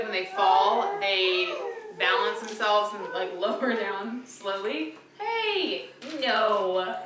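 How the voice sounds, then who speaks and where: A woman's voice: mid-range voice, pushed and bright. A young woman, a mother of twins, chatting casually to camera at home in a fond, rambling way full of "like" fillers. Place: room in a family home with babies nearby. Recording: roomy home sound from a distance, faint noise.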